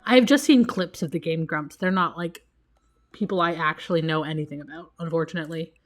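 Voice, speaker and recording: A woman streaming a video game, chatty, excitable and self-deprecating as she comments. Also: deep voice, fairly quick. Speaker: let's play streamer.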